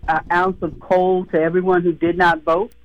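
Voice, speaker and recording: A woman calling in to a radio talk show, outspoken and emphatic, with a hoarse morning voice over a phone line. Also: on the low side, level tone, normal speed, no room sound. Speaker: caller. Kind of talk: phone-in commentary.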